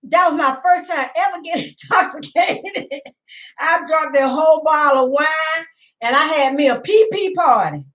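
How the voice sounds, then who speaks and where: High-pitched middle-aged woman rambling on her home livestream, chatty, laughs a lot. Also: moderate pace, a bit bright, low-quality recording. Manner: rambling, chatty, greets viewers by name, laughs often. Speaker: livestream host. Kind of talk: casual live-stream chat with viewers.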